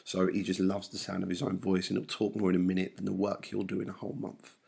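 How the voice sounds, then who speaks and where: Gravelly teacher explaining a play. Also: male voice, low-pitched, completely flat delivery, fast talker, a little mellow. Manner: casual, explains in everyday slang. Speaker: English teacher. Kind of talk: literature lesson, reading and paraphrasing.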